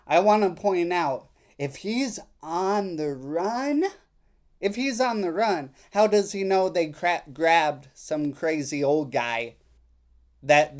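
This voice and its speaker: A man hosting a casual political commentary, reading messages aloud and mocking them sarcastically, with halting restarts. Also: fairly high pitch.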